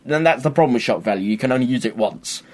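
A man's voice: medium pitch, quick pace. A man co-hosting a podcast, chatting casually and acting out sketch voices as he tells stories. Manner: animated, acts out sketch voices. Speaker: podcast co-host. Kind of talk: casual chat.

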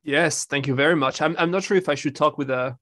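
A man's voice: on the high side, fast talker, bright, forceful tone, no echo, clean studio sound. A man from France with a French accent, speaking as a guest on a casual podcast, friendly and self-deprecating. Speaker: guest, law professor.

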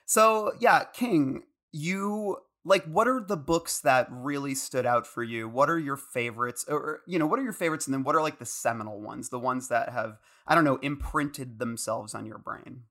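A man's voice: medium pitch, moderate pace, hardly any pauses. A man hosting a podcast, talking casually and loosely with many fillers while asking his guest questions. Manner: relaxed, lots of likes and ums, asks questions. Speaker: podcast host.

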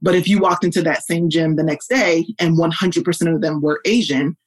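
Earnest woman with a husky voice. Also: a little fast, poor audio. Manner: earnest, lively, shifts pitch up when quoting others. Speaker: guest, educator. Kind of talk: podcast interview answer.

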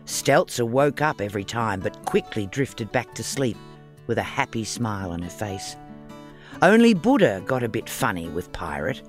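A man, a children's book author, reading his storybook aloud in a lively, expressive way. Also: fairly low pitch, normal speed, faint music behind.

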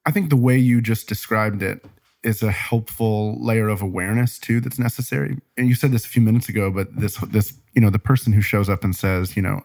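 A man's voice: lowish voice, a little fast, gravelly, darkish tone, no room sound. A man hosting an interview, asking thoughtful questions and agreeing with his guest. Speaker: podcast host. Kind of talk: interview conversation.

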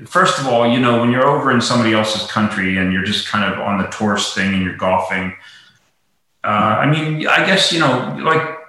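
A man's voice: fairly low pitch, expressive, normal speed, sharp tone. A man talking as a guest in a casual interview, rambling with many fillers and restarts. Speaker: guest, golf professional. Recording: very echoey room.

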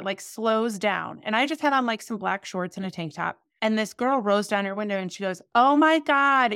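A woman's voice: mid-range voice, fairly bright tone, clear, resonant tone, dry recording, clean studio sound. Chatty, candid woman podcast host. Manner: chatty, candid storytelling, swears casually. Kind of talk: casual podcast chat.

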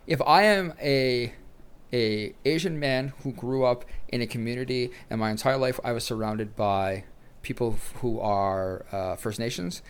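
Podcast guy keeping the chat on track, middle pitch, easygoing. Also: unhurried, smooth. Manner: steers the talk, moving topics along. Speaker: podcast co-host. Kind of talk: casual chat.

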